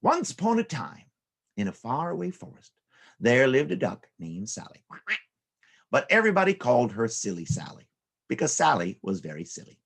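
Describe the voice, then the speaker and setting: A man telling playful children's stories, his pitch swinging widely as he narrates. His voice is gravelly and husky. He drops in sound effects and silly asides. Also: huge pitch swings, moderate pace. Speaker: children's storyteller. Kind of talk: storytelling for children.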